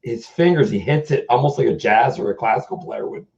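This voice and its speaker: A man's voice: medium pitch, expressive, brisk, gravelly, darkish tone. A man hosting a casual music chat, rambling through stories and imitating the people he quotes. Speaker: host. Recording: muffled lo-fi sound.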